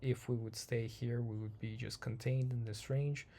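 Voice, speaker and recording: Hoarse man with gravelly dark voice. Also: medium pitch, steady tone, moderate pace, a little hiss or hum. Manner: rambling, repeats himself, many ums. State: slightly hoarse, losing voice. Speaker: trading channel host. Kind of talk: casual chart walkthrough.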